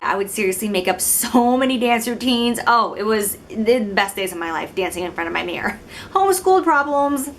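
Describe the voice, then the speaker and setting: Woman, twenties, from Illinois, beauty vlogger, casual chat, giggly, self-deprecating, mid pitch, faint background noise. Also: fairly quick, hardly any pauses, fairly bright tone. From Illinois, United States. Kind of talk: casual talk to camera.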